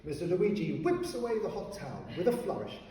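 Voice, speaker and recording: A man narrating a children's story in an expressive, animated reading style. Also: high voice, fairly quick, distant mic. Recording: echoey hall, voice heard from afar, faint noise.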